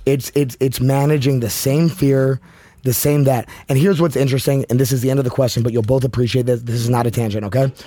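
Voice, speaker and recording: A male comedian talking in a casual podcast chat, high-energy, profane and emphatic. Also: steady tone, fast, warm tone, no room sound. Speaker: comedian guest.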